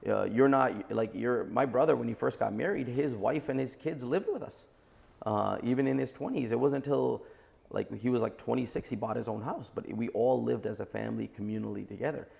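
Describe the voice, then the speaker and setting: A man's voice: medium pitch, a little fast, gravelly, darkish tone. A man in his forties, a guest on a podcast interview, giving blunt and emphatic opinions. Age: 40s. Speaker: entrepreneur guest.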